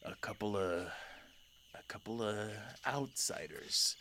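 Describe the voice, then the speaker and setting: An ancient lion king, voiced by a man, drawls each word slowly with lordly mockery. The tone is bright and forceful. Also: on the low side, a little hiss or hum, full character voice. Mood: amused, condescending. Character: very old, huge male lion king, slow and mocking.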